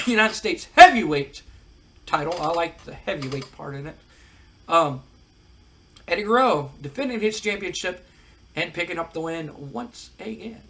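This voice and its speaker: High-voiced man recapping a wrestling game. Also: unhurried, creaky, pauses often, slight background noise. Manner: relaxed, recapping, with fillers. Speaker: let's-play narrator. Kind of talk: casual game commentary.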